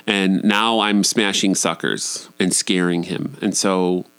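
A man's voice: sits low, fairly even intonation, takes it slowly, a bit bright, smooth, dry recording. A man in his forties telling a personal story in a candid, profane, self-deprecating way. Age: 40s. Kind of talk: personal monologue.

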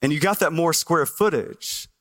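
A man pastor preaching a sermon to a congregation, animated and asking the crowd questions, recorded on a stage microphone in a church. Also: a little high, moderate pace. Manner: animated, asks the congregation questions, acts out listeners' voices.

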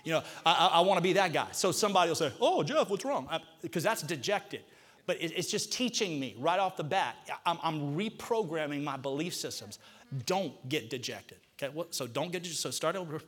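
A male pastor's slightly high, slightly fast voice carries a breathy edge as he preaches in church. Animated, he draws the congregation into repeating scripture back in call-and-response fashion.

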